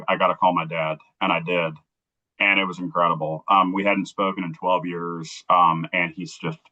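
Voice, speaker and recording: A man from Kansas City telling an emotional personal story as a guest, earnest and halting, acting out the dialogue he quotes. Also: low-pitched, sharp tone. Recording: dull lo-fi recording.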